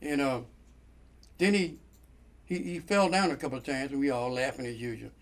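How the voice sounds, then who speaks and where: A man's voice: medium pitch, normal speed. A man telling a long funny story in casual chat, acting out the voices of the people in it and laughing often. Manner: animated, acts out quoted voices, laughs often. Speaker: guest storyteller.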